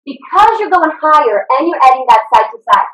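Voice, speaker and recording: A woman's voice: high voice, very animated, a little fast, a bit bright, far from the mic. A woman fitness instructor leading a live online workout, upbeat and encouraging, cheering her class on with whoops. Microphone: video call computer mic. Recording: echoey room, voice a bit off-mic.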